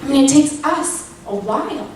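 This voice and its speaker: A woman's voice: high-pitched, animated, moderate pace. A woman in her thirties teaching a Bible study, candid and personal, with emphatic rises in her voice. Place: church room. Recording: echoey room, distant mic, faint noise.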